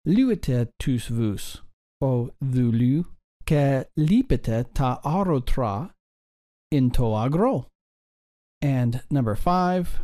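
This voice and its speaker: Male teacher for a recorded grammar lesson; slow, deliberate delivery, mellow tone, methodical explanations. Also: medium pitch. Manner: reads example sentences slowly, then explains grammar step by step. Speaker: language teacher.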